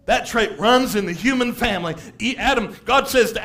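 A middle-aged man preaching a sermon as pastor, animated, laughing and acting out quotes from people. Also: high voice, fairly quick.

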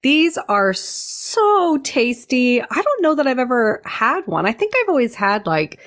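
A woman's voice: high voice, very animated, a little slow, fairly bright tone. A woman hosting a horror podcast, upbeat and laughing easily as she leads the segments in casual chat. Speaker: podcast host.

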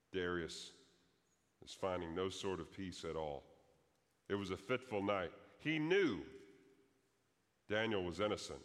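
A man's voice: on the low side, fairly bright tone, long reverb tail. A man preaching a sermon as pastor, telling a story dramatically and acting out the quoted prayers.

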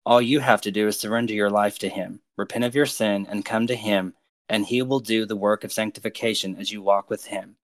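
A man on a podcast delivering prophetic words to named listeners in a slow, earnest, pastoral way. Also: fairly low pitch, fairly even intonation, no echo.

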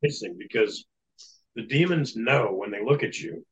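Telling a long story about an exorcism he experienced, a man being interviewed speaks earnestly and matter-of-factly. His fairly low voice is animated and moves at a moderate pace, though the recording quality is low.

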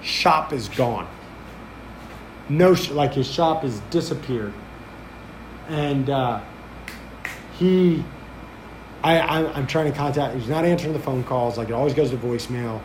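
A man hosting a podcast, telling a story in a casual, rambling way full of fillers and swearing, getting animated when he recounts what people said. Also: mid-range voice, measured pace, long pauses, a little hiss or hum. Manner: rambling, filler-heavy, profane. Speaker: podcast host.

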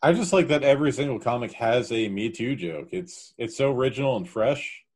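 A man with a mid-pitched voice makes dry, sarcastic cracks during a loose podcast chat. He lands his teasing jabs flatly, then lets the others carry on. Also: fairly quick. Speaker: podcast co-host. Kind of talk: casual chat.

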